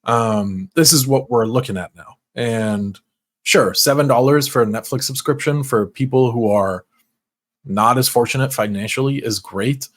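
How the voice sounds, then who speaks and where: A man in casual podcast chat, speaking at an everyday middle pitch. He rants with a joking edge and tosses in quips. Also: moderate pace. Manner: joking, ranting. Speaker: podcast co-host.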